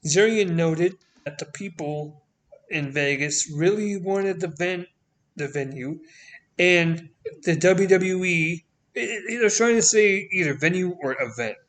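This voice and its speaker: A man's voice: sits high, unhurried, a bit bright. Sarcastic Canadian man reading news. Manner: blunt, swears, sarcastic asides. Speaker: podcast host. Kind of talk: casual podcast chat reading news.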